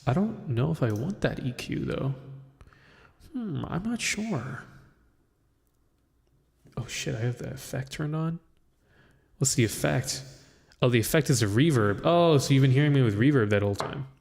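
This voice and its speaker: A young livestreamer with a medium-pitched, gravelly, darkish voice talks at normal speed but animatedly, pausing often. He rambles and talks to himself while tweaking his mic settings, recorded through a studio mic with a compressor.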